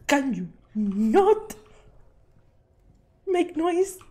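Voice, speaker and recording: A young woman streaming a horror game, panicking, laughing and yelling at the screen. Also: sits high. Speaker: vtuber streamer. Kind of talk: live gameplay commentary.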